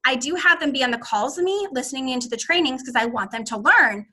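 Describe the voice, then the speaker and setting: A woman's voice: high-pitched, lively intonation, quick pace, bright, forceful tone. A woman who leads a direct sales team, talking in a podcast interview in an upbeat, persuasive coaching manner.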